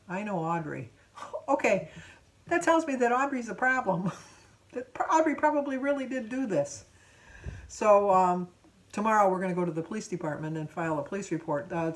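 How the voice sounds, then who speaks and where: A woman in her seventies telling a rambling, chatty story in a casual vlog, full of fillers and restarts. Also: fairly low pitch. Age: 70s. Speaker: vlogger.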